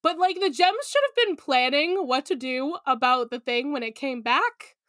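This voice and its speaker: High-voiced, chatty woman podcast co-host. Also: lively intonation, normal speed, fairly bright tone, dry recording, studio quality. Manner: chatty, giggly, lots of fillers. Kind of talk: casual recap chat.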